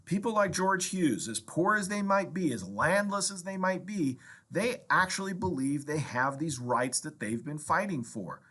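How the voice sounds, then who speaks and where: A man's voice: fairly high pitch, lively intonation, moderate pace, sharp tone, husky. A man lecturing as a history professor, telling a story and acting out quoted lines, with frequent "right?" checks to the class.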